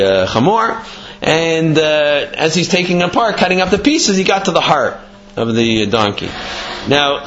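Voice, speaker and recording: A man giving a Torah class, explaining and telling a parable in an animated, conversational way. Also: a little high, dull audio. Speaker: Torah teacher.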